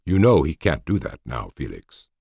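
A proud armored lord, read by a male narrator, calm and firm as he gives orders. The voice sits very deep and gravelly, and the intonation moves a lot. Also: normal speed, no room sound, studio quality, full character voice. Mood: commanding. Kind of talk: audiobook character voice.

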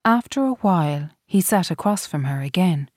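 A woman narrating a novel in an even, deliberate storytelling manner. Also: lowish voice, no echo, studio quality. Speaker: audiobook narrator. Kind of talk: scripted narration.

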